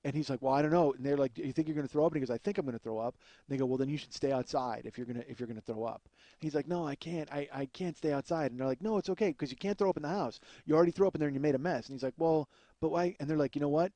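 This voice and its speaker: A man's voice: on the high side, rapid-fire, mellow, no echo. A man telling a rambling, profane comic story as a podcast host, often laughing at his own tale. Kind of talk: comedic storytelling.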